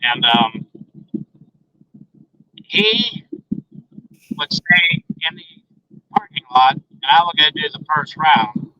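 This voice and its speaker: A man's voice: on the high side, wildly swooping pitch, slow pace, creaky, pauses often, sharp tone. Earnest storyteller man on a dull phone line. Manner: earnest, retells dialogue with many "I said" and "he said". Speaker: guest telling a story.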